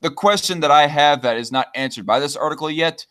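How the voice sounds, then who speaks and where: A man's voice: on the high side, brisk, a bit bright, clear, resonant tone. A man hosting a casual podcast, reading chat comments aloud and talking in a hesitant way with many fillers and restarts.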